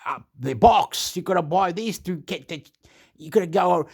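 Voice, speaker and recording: A man in a rambling rant, his voice sitting a little high and leaping about wildly. He drops into low mutters, then bursts into loud, swearing outbursts. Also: expressive, moderate pace, breathy edge. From Australia. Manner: swings between muttering and shouting, swears a lot. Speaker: vlogger reacting to clips.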